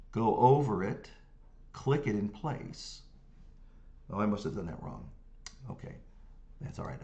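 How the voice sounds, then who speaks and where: Man guiding a software tutorial. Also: medium pitch, muffled recording. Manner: talks through clicks step by step, hums rhythms as syllables; checks in with the viewer often. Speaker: music notation software teacher. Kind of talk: screen-recorded software tutorial.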